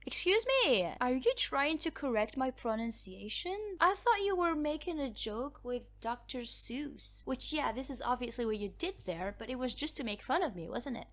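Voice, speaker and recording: A woman with a somewhat high voice talks casually through viewer comments on her book channel. She laughs often and jokes about herself. Her voice cracks at times. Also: animated, moderate pace, hardly any pauses, a bit bright. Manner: chatty, laughs often, self-mocking.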